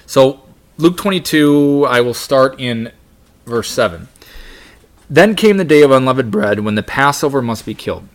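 A man of ordinary pitch teaching a Bible lesson. He talks in a relaxed, conversational way, stopping often for "you know" asides as he reads verses aloud and explains them. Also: moderate pace.

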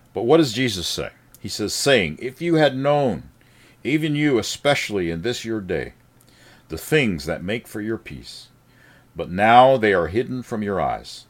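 Man, sermon preacher, animated delivery, low-ish voice, emphatic then hushed. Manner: animated, rising emphatic then dropping quiet.

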